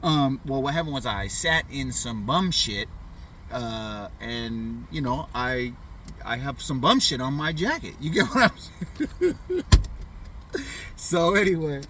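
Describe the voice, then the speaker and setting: A man's voice: mid-range voice, expressive, takes it slowly, pauses often, fairly bright tone, far from the mic, a little hiss or hum. A middle-aged man casually telling a funny childhood story in loose, profane slang, often tossing in "you know what I'm saying.". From US Pacific Northwest. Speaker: vlogger.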